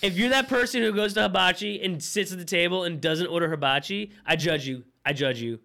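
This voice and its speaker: High, bright-voiced young man storyteller. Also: a little fast, gravelly, slight background noise. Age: young adult. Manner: animated, swearing storyteller, lots of fillers. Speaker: podcast co-host. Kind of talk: casual chat.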